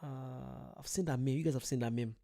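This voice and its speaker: A man's voice: medium pitch, fairly even intonation, a little fast, vocal fry, dark tone. A man from the UK, hosting his first live stream, chatting casually and greeting viewers by name. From United Kingdom. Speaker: channel host. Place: at home late at night.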